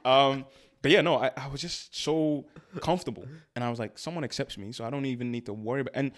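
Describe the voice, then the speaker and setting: A young spoken word artist, appearing as a guest on an interview show, speaks at medium pitch and a quick pace. He tells his story in casual, animated chat, laughing often and acting out what people said.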